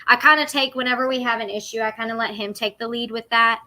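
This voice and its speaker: Bright chatty woman hosting a livestream. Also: fairly high pitch, steady tone, quick pace. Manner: chatty, laughs often. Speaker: livestream host. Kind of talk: casual live chat.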